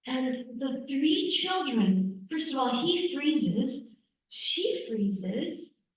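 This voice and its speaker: A middle-aged woman from the United States speaking as an invited speaker, telling a personal story in a lively conversational way and repeating lines for emphasis. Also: high voice, very slow. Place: church hall. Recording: echoey hall, speaker far from mic.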